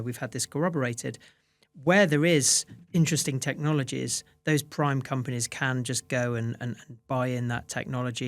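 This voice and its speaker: A man's voice: medium pitch, fairly bright tone, dry recording. A man, a fund manager, answering interview questions with many restarts and fillers. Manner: hesitant restarts, many "you know"s.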